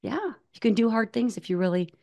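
A woman in her forties telling a personal story in a casual interview, animated, with many restarts. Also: on the high side, a little fast, vocal fry. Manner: animated, many restarts, acts out quoted voices. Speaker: guest, ultramarathon runner.

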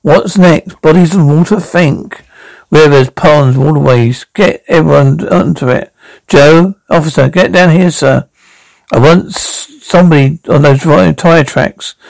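A man voicing a gruff female detective, Vera. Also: on the high side, a little slow, no echo, rough recording. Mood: commanding. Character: gruff middle-aged female police detective. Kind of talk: amateur radio drama reading.

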